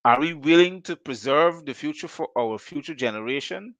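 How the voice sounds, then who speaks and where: A man's voice: on the high side, expressive, normal speed, fairly bright tone, dry recording. A Guyanese man hosting a call-in show, firing off rhetorical questions in a fiery political monologue.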